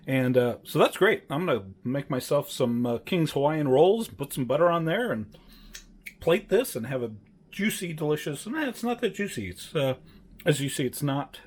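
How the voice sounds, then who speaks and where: A man casually narrating his home cooking, chatty and rambling, correcting himself often with plenty of fillers. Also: mid-range voice. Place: home kitchen.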